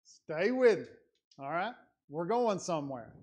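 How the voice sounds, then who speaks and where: A man with a notably high voice preaches in a church sanctuary, speaking. His delivery is earnest and conversational, swinging between quiet, confiding asides and loud, emphatic passages. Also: big pitch swings, measured pace. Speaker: lay preacher. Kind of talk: sermon.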